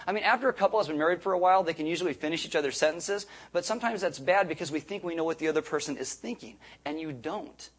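Husky-voiced man preaching casually. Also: on the high side, quick pace, hardly any pauses. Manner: conversational, self-repeating, jokey asides. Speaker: pastor. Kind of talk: sermon.

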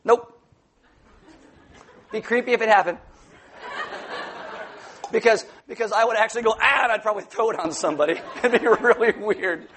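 In a church sanctuary, a male pastor gives a playful, jokey sermon, calling volunteers up and bantering with the congregation. His voice is high-pitched and a bit bright, at a moderate pace with long pauses, over a faint crowd and a little hiss or hum.

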